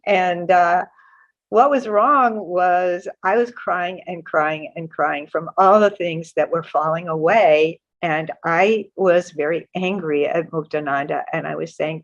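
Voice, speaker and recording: Older woman telling an earnest, halting story. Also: lowish voice, gravelly. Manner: earnest, halting, often repeating words as she restarts. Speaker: guest author sharing a spiritual story. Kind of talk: personal storytelling. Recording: muffled lo-fi sound.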